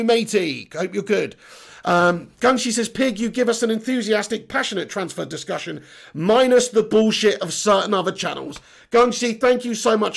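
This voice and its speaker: A young man hosting a football channel, reading viewer comments in a chatty, blunt way while his voice is going hoarse. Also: high-pitched. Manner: chatty, matey shout-outs, blunt opinions. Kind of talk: casual live-stream chat, reading viewer comments.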